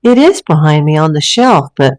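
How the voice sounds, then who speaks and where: A woman's voice: sits low, very animated, normal speed, darkish tone, poor audio. A woman hosting a casual livestream from a room at home, talking in a rambling, chatty way with many fillers. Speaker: livestream host. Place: home room with a green screen and ring light.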